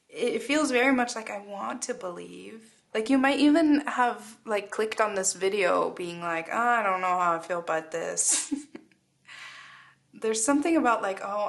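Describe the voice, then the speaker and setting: Young woman doing a tarot reading, slow and chatty, giggles a lot. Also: medium pitch, fairly bright tone. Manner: chatty, giggly, lots of filler words. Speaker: tarot reader.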